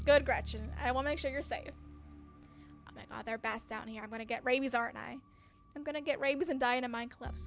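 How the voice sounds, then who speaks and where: Woman let's play host, high voice, jumpy casual commentary over game music. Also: steady tone, fast, a bit bright. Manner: jumpy, anxious joking.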